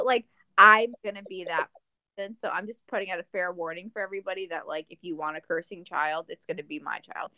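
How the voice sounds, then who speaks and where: A woman co-hosting a podcast in casual chat, joking and rambling through plans in an animated way. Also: fairly low pitch, brisk, no echo. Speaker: podcast co-host.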